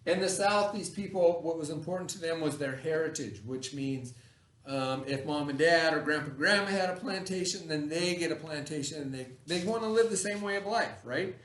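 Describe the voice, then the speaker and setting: A male teacher talks a class of children through a lesson, patiently checking that they follow. His voice sits a little high. It comes from across the classroom, with echo from the room. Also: normal speed, fairly bright tone. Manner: patient, checks in with "okay?" and "right?". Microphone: camera across the room. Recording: echoey classroom, from far off.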